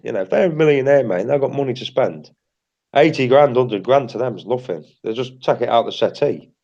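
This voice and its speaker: A man's voice: medium pitch, lively intonation, fairly quick, vocal fry, dark tone, lo-fi sound. A British man hosting a livestream in casual chat, blunt and repetitive, swearing freely. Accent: British English. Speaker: livestream host.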